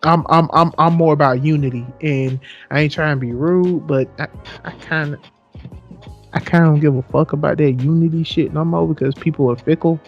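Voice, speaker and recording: A man's voice: on the high side, steady tone, brisk, highs cut off, soft background music. A young man co-hosting a podcast, chatting casually with a lot of rambling and "so yeah" repeats, swearing freely. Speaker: podcast co-host. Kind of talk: casual chat.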